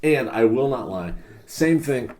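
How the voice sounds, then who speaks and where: A man's voice: mid-range voice, a little slow. A man telling stories in casual, profane podcast chat. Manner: animated storytelling, profane.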